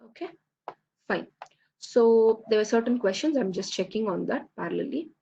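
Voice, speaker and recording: Husky-voiced woman teaching a class. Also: fairly high pitch, expressive, normal speed, warm tone, dull audio. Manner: explanatory, many fillers and checks like "okay, fine". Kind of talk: online class lecture.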